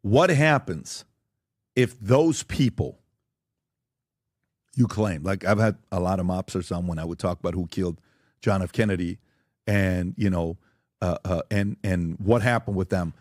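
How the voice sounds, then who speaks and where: A man's voice: low voice, fairly even intonation, normal speed, darkish tone, no echo, studio quality. A man hosting a podcast, steering the discussion and prompting his guests. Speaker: podcast host.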